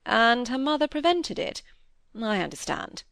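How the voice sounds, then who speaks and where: Woman reading as a gallant, probing bachelor gentleman. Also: on the high side, sing-song, a little slow, no room sound, pitched above the performer's own voice, exaggerated voice. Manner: courteous, probing. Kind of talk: audiobook character reading.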